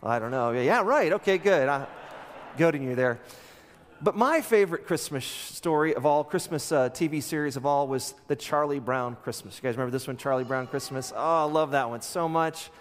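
A man preaching a sermon as pastor, telling stories in an animated way and acting out the characters' lines. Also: a little high, a little fast, in a large hall, slight background noise. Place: church sanctuary.

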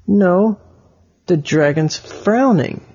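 A man's voice: high voice, animated, very slow, a little mellow, breathy edge, highs cut off, pitched above the performer's own voice, full character voice. A man doing an insistent, doubting boy. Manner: insistent, contradicting. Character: skeptical boy, brown-haired.

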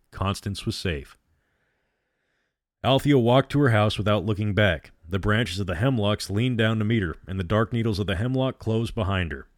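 Male storyteller, low and steady, reading dramatically in a dry booth. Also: dry recording. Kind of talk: audiobook-style reading of a novel.

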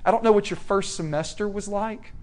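A young man preaching a sermon, swinging from loud, emphatic questions to soft, hushed warnings. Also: high voice, fairly quick.

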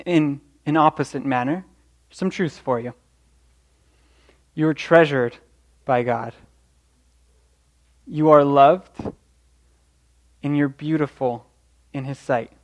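In this clip a young adult preacher gives a sincere, encouraging sermon. His pitch runs a bit high for a man, and his speech is marked by frequent stumbles and restarted phrases.

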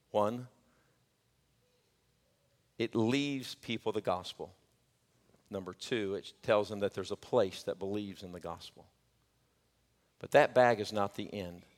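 Man, pastor, sermon, shouted peaks, joking asides, long church reverb. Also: fairly low pitch. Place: church sanctuary.

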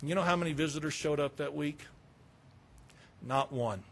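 A male pastor from the American South with a notably high-pitched voice. He preaches frankly and in an easy, conversational manner. He often drops into personal confessions as he talks. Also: moderate pace, fairly bright tone. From Southern United States. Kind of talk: sermon.

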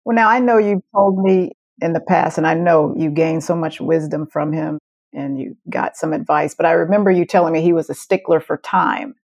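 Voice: mid-range voice, moderate pace, a little mellow. An interview host asking questions and giving brief affirmations. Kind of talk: interview chat.

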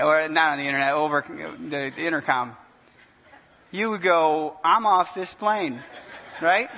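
A male pastor preaching a sermon in an animated way, asking the congregation questions and joking. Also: a little high. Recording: long hall reverb.

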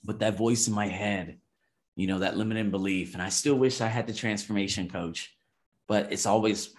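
A man in his thirties reviewing his month in a vlog, emphatic and animated, swearing casually and acting out conversations. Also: fairly low pitch, normal speed, roomy sound. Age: 30s. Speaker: vlogger.

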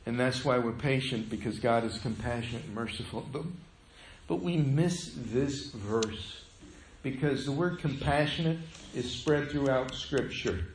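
A man preaching a sermon as pastor, animated, swinging from loud to hushed. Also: mid-range voice, measured pace. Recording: echoey room, faint noise.

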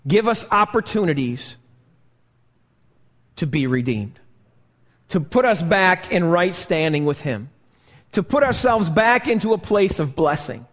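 A male pastor preaches in a high voice at a slow, deliberate pace, putting rhetorical questions to his congregation. His words ring out with a long reverb through the church hall where he was recorded live. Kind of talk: live sermon. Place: church sanctuary.

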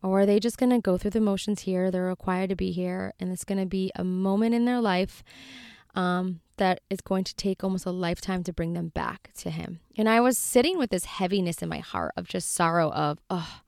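A woman in her thirties speaks earnestly on her faith podcast. Her voice is smooth and resonant, with a tender, heartfelt delivery. It is recorded dry and close, with no room sound. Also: on the low side, fairly quick, a little mellow, no room sound. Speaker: podcast host.

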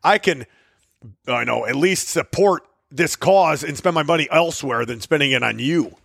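A man's voice: fairly high pitch, normal speed, creaky, a bit bright, breathy edge, no room sound, clean studio sound. A man co-hosting a casual podcast, telling stories, swearing freely and riffing on the topic. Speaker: podcast co-host. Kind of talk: casual chat.

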